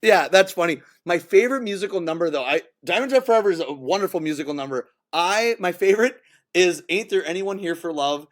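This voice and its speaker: A man co-hosting a casual movie podcast, excited and laughing often, acting out lines from scenes. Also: high voice, fairly quick. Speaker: podcast co-host.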